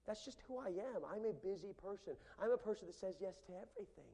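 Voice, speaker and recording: A middle-aged man preaching a sermon as pastor, emphatic, swinging from loud repeated yeses to hushed warnings. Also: high voice, lively intonation, fast talker, hardly any pauses, slightly rough.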